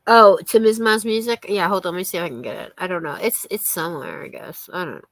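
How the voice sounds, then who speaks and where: A woman's voice: on the low side, animated, fast, fairly bright tone, dry recording. A woman chatting casually with viewers on a live stream, giggling often and thanking them by name.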